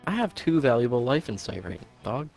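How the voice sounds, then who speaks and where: Man, mid-pitched voice, casual stream reading, easy banter. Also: very animated, brisk, creaky, a little mellow, faint music behind. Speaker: streamer playing a dating game. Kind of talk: reading game text aloud on a live stream.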